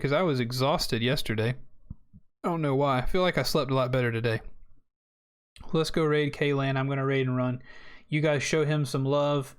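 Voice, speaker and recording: Young male streamer, casual sign-off chat, slightly high-pitched. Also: smooth. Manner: chatty, thanks viewers by name. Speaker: game streamer.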